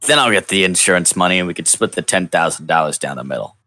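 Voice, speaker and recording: A man's voice: deep voice, expressive, quick pace, sharp tone, no echo, pitched below the performer's own voice. A man voicing a cheery, scheming city mayor who lays out his plan in grand, formal speech. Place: online voice call.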